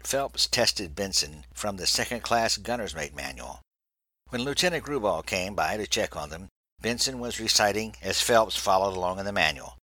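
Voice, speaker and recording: Deep, bright-toned male narrator. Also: dry recording, poor audio. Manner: steady, measured storytelling. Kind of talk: audiobook reading of a naval story.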